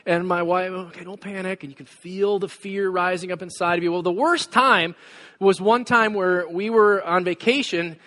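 A pastor in his forties telling a personal story in a sermon, with many fillers and frequent throat clearing. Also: sits high, fairly bright tone. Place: church hall. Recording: long hall reverb.

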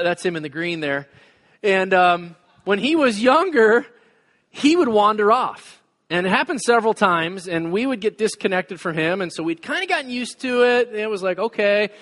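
High-pitched pastor guy telling a story in a sermon, lots of ums and throat clearing, echoey church hall. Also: a bit bright. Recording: long hall reverb.

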